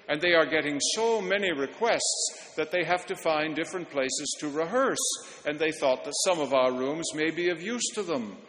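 Pastor guy telling stories in a sermon, kinda high voice, long church echo. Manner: storytelling, warmly earnest, stumbles on repeats.

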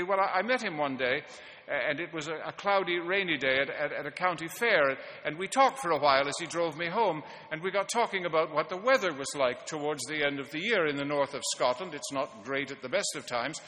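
A man's voice: a little high, a little fast, bright, forceful tone. A male pastor delivering a sermon, telling wry anecdotes in a storytelling manner. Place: large church sanctuary. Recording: long church reverb.

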